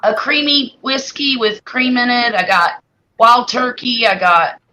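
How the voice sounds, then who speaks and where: Bright twangy Southern woman chatting. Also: on the high side, a little slow, rough recording. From Mississippi, US South. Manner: chatty, laughs easily, twangy. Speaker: host. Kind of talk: casual group chat.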